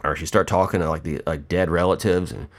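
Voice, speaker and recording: A man's voice: sits low, steady tone, a little fast. A middle-aged man telling rambling, profane and joking stories in a casual monologue.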